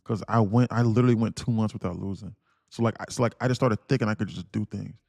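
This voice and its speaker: A man's voice: fairly low pitch, fast talker, gravelly, darkish tone, no room sound. A young man hosting a live trading stream, ranting emphatically and laughing between his points. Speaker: day trader streaming live. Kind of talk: livestream rant and trading commentary.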